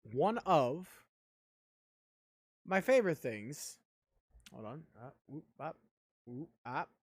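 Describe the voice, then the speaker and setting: A man's voice: mid-range voice, dry recording. A man streaming a video game live, chatting in a joking, rambling way. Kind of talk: casual live-stream chat while gaming.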